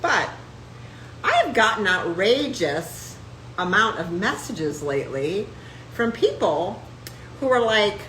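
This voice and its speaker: Brash, animated woman ranting live. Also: fairly low pitch, a little slow, echoey room, slight background noise, rough recording. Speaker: host; chiropractor. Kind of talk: live-stream rant.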